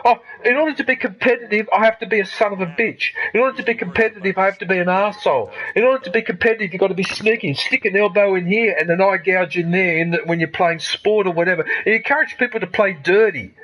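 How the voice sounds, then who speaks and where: A man's voice: high voice, a bit bright, rough recording. A man, ranting heatedly and with lots of swearing during live gameplay commentary. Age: 50s. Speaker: gaming streamer.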